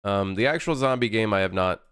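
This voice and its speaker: A man's voice: on the low side, animated, brisk, fairly bright tone, smooth, no echo, clean studio sound. A young man chatting casually on a game development live stream, rambling and correcting himself as he reads chat.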